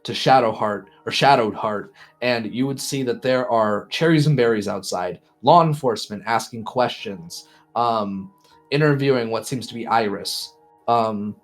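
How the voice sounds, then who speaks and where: A man's voice: medium pitch, measured pace, soft background music. A man narrating a tabletop role-play as game master, describing scenes with restarts and self-deprecating asides.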